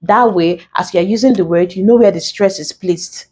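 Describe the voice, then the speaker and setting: A woman's voice: mid-range voice, normal speed, warm tone, slightly rough. A woman teaching an exam lesson, explaining rules patiently step by step. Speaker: English exam tutor. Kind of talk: recorded classroom lesson.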